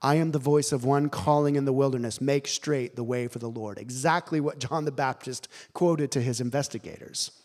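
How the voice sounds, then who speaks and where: A man preaching a sermon, animated and emphatic, telling the story with dramatic pauses. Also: medium pitch.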